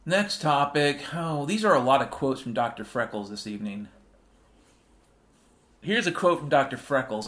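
A man's voice: medium pitch, expressive, moderate pace, pauses often, fairly bright tone, soft background music. A man in his fifties hosting a rambling solo monologue, irreverent and profane, sometimes drifting into half-sung refrains. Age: 50s. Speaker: show host.

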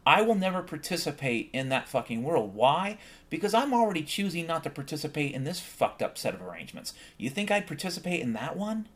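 A man's voice: on the high side, very animated, a little fast, fairly bright tone. A man hosting a solo podcast, ranting bluntly and swearing often in a heated monologue. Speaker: podcast host.

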